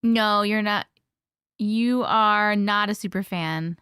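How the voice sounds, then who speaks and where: A woman's voice: mid-range voice, takes it slowly, sharp tone, clear, resonant tone, dry recording, studio quality. A woman hosting a casual live stream, greeting viewers one by one in a bubbly, sing-song way and giggling often. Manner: chatty and giggly.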